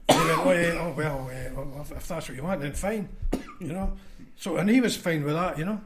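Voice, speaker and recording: A Scottish former union convener, his voice fairly high and a little fast, swaps blunt anecdotes in a casual podcast chat, acting out what other people said. Heavy background noise sits under the recording.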